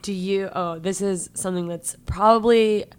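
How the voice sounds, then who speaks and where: A woman's voice: medium pitch, fairly even intonation, moderate pace, smooth. A woman hosting a podcast in casual chat, asking questions and laughing often. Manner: giggly, asks questions. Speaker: podcast host.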